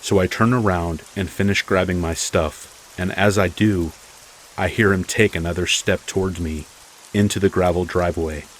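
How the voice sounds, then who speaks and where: Brief: low-voiced male horror narrator, steady and measured, faint rain hiss in the background. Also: rough recording. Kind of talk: scripted first-person horror narration.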